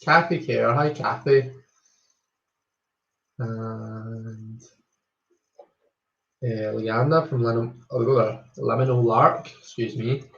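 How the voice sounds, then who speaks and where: A man's voice: mid-range voice, fairly even intonation, slow pace, creaky, pauses often, fairly bright tone. A Scottish man hosting a tarot live stream, greeting viewers one by one in a rambling, casual chat full of ums. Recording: roomy, slightly dull home stream audio.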